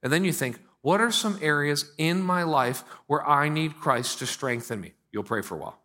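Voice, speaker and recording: Bright-voiced conversational male pastor. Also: a little high, normal speed. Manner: conversational preaching, animated swings in loudness. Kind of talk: sermon.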